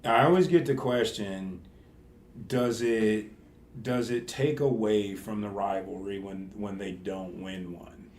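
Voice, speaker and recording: A man's voice: fairly low pitch, takes it slowly, darkish tone. A man hosting a podcast interview, asking rambling questions with frequent restarts. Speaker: podcast host and coach. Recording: echoey room.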